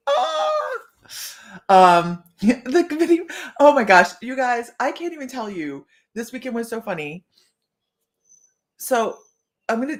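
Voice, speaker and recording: A woman hosting a psychic live stream, telling stories in a bubbly, rambling way and laughing often. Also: on the low side. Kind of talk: casual live-stream chat.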